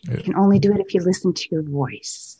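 A woman guest expert leading listeners through a calm breathing exercise, soft and instructive. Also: lowish voice, fairly quick, breathy edge.

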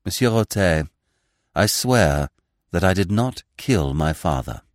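A man voicing a young male prisoner who answers quietly and steadily in an audiobook reading. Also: low voice, lively intonation, unhurried, no room sound, clean studio sound. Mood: steady.

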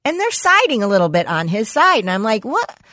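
A woman co-hosting a podcast, telling stories in casual chat, animated and laughing often. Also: mid-range voice, quick pace, no room sound. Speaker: podcast co-host.

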